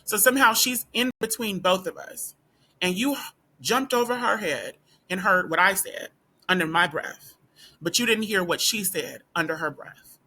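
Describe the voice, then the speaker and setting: A woman student talking straight to camera in a casual vlog, emphatic and full of rhetorical questions, with a voice that is not deep. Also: animated, normal speed, pushed and bright. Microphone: camera or phone facing speaker.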